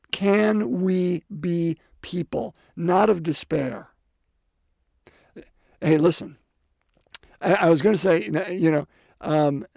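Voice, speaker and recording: Gravelly, high-voiced male preacher. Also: no room sound, studio quality. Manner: animated, with many restarts and asides; swings from loud pleading to quiet, hushed delivery. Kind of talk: sermon.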